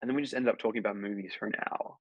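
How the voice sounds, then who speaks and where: A man with a gravelly low voice, an actor on a podcast, talks very fast in a steady tone while telling a long, rambling, filler-filled story in a casual interview. The recording is dull, dry, and lo-fi, free of echo.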